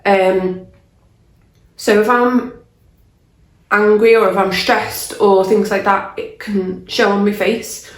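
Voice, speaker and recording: A woman speaks to camera in an earnest, open way, her voice at a middle pitch. She often restarts mid-sentence as she works out her thoughts. The recording has a roomy echo around her. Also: fairly even intonation, takes it slowly, pauses often. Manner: candid, earnest, thinks aloud with restarts. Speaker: life coach. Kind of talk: casual talk to camera.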